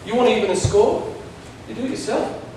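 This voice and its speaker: A man's voice: high-pitched, brisk. An actor playing a crude, cocky young Australian man in an amateur stage play, recorded from far off in an echoey hall. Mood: brash. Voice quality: brash, swearing, cocky. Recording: distant echoey hall with noise.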